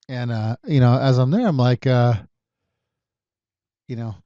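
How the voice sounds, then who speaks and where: A man in his thirties chats alone on his podcast in a relaxed, rambling way, full of fillers, self-corrections and wry asides. His voice is mellow and dark-toned. The recording is dry and a little muffled. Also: medium pitch, slow, no room sound. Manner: rambling, many ums and restarts, wry storytelling. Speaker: podcast host. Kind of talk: casual solo podcast chat.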